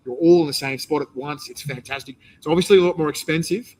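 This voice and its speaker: A man's voice: fairly high pitch, fast, slight background noise, low-quality recording. Rambling Australian man hosting an interview. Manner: rambling and animated, many restarts. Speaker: interview host and competition organizer. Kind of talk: casual interview chat, live stream.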